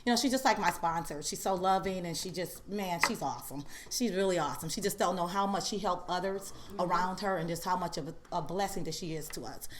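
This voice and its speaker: Woman, recovery share, laughing and lively; noisy room. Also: fairly low pitch, fairly quick, hardly any pauses. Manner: laughing, animated storytelling. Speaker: recovery meeting speaker. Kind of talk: personal sharing.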